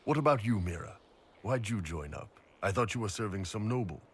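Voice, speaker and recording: A man voicing a soldier and commander in a video game, speaking in a steady, assured way. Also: on the low side, fairly quick, a little hiss or hum, close to an everyday voice. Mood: casual. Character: gruff male soldier and commander.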